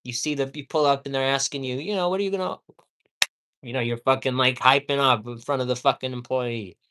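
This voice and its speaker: A man's voice: medium pitch, fairly even intonation, fast talker, pushed and bright, clear, resonant tone. A man ranting heatedly and profanely at home during a casual livestream, rambling and repeating himself for emphasis. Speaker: live streamer.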